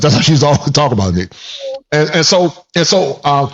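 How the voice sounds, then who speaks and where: A man, a therapist, in casual conversation, talking in an animated, emphatic way and often repeating himself. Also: fairly high pitch, a little fast, muffled recording. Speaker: therapist and host.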